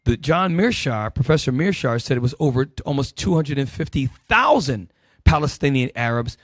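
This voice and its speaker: A man leading a Bible teaching sermon, calling out verses and swinging between loud emphatic bursts and low asides. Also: animated, moderate pace, no echo. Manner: calls out verses and directs helpers.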